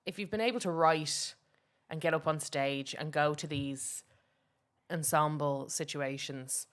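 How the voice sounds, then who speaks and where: Irish woman yapping on a podcast, lowish voice, lots of "like" and restarts. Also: unhurried, a bit bright. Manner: chatty, rambling with many fillers and restarts. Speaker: podcast co-host. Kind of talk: casual chat.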